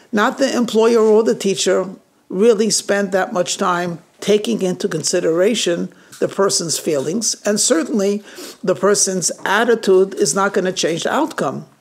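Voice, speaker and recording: A man's voice: high voice, creaky. A man, a rabbi, telling a weekly story in a conversational way, with many fillers, acting out the characters he quotes. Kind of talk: storytelling sermon.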